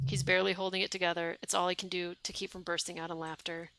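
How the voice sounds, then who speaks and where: A woman's voice: fairly low pitch, flat delivery, fast, vocal fry, few pauses, sharp tone. A young woman streaming a game, chatting wryly and reading its dialogue aloud. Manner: chatty, wry, reads game text aloud.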